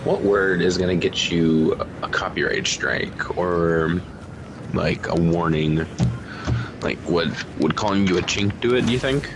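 Man, casual joking chat, very low voice, unhurried, faint noise behind. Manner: laid-back joking, slipping into silly voices.

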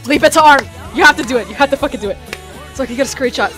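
A woman giving excitable, foul-mouthed commentary on a life-sim game, squealing and shouting at what happens. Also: high voice, rapid-fire, loud music behind the voice. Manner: excitable, swears a lot, squeals and shouts in bursts. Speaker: gamer.

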